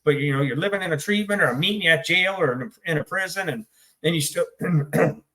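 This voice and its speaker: This interview guest is a middle-aged American author in recovery, choked up as he recounts his recovery with blunt, self-deprecating swearing. He speaks a little high and a little fast, his tone pushed and bright.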